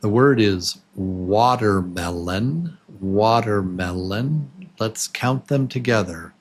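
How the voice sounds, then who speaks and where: A man teaching English to absolute beginners, patiently repeating words slowly and counting syllables with the listener. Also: on the low side, a little hiss or hum. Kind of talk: slow, clearly spoken beginner English lesson.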